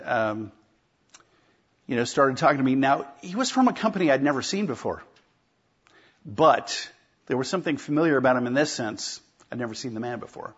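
A male pastor preaches conversationally, frequently posing rhetorical questions to his congregation. His voice is mid-range and a little rough, and the audio sounds dull.

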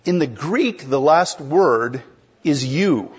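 A man's voice: mid-range voice, expressive, takes it slowly, breathy edge, lo-fi sound. A man preaching an expository sermon in a conversational way, explaining a text and putting questions to the congregation. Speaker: pastor.

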